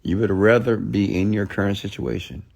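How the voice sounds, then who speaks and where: With a lowish, slightly mellow voice, fairly even intonation, and vocal fry, a man talks at normal speed. He's a motivational speaker on a late-night rant, blunt and profane, mimicking people's excuses in a raised voice to mock them.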